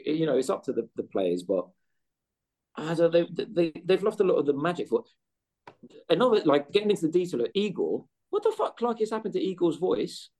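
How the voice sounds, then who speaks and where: A man co-hosting a gaming podcast, talking in animated casual chat with lots of swearing and restarts. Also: medium pitch. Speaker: podcast co-host.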